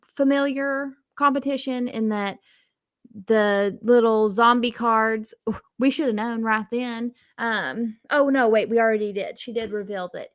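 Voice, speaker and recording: A woman's voice: a little high, fairly even intonation, a little slow, dry recording. Chatty woman, dry close sound. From Texas. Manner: chatty, laughs often, recaps with enthusiasm. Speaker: podcast co-host. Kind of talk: casual chat.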